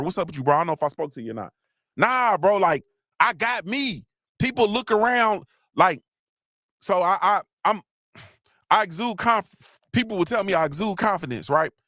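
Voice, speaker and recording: High-voiced preachy man, dry sound. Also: lively intonation, moderate pace, dry recording. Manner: repetitive, preachy, shouts out viewers; gets emotional, voice drops low. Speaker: host of a live motivational talk show. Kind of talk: live-stream motivational talk.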